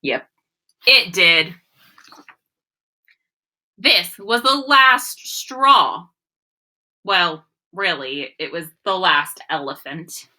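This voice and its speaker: A woman's voice: fairly low pitch, drawn-out words, pauses often, pushed and bright, poor audio. A woman teacher reading a picture book aloud to her class, explaining words and asking questions.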